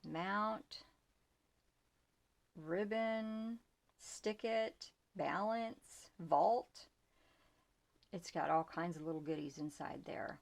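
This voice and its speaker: A woman's voice: fairly low pitch, vocal fry. An older woman with grandchildren, chatting casually as she shows off ribbons from her shop, often dropping to a near whisper. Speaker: small shop owner showing ribbons. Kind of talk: casual product show-and-tell.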